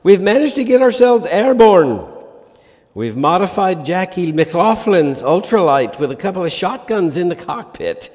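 A man voicing a cheeky Irish pub man on the phone, putting on a high, loud Irish voice. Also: big pitch swings, unhurried, exaggerated voice. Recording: long hall reverb.

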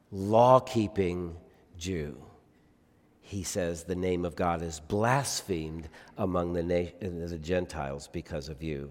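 A man preaching a sermon, moving between forceful emphasis and hushed, pointed questions. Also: mid-range voice. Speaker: pastor. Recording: long hall reverb.

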